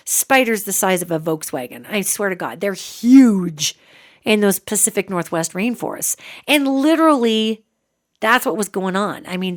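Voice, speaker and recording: A middle-aged woman hosting a radio show, telling a family story in a lively, animated way with emphatic asides. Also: mid-range voice. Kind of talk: storytelling monologue.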